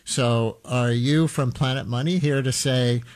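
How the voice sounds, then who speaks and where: A man's voice: medium pitch, steady tone, unhurried. A man hosting a radio interview, asking questions conversationally with playful asides. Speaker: radio show host.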